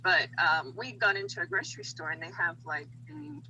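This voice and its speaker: Woman, guest, playful storytelling, lively pitch, faint background hum. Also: brisk, dull audio. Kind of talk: casual video-call chat.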